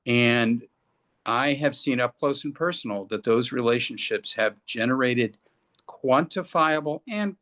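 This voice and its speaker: A man's voice: medium pitch, a little slow, fairly bright tone. A man co-hosting a business podcast, talking earnestly and restarting his sentences often. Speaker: podcast co-host. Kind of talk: casual discussion.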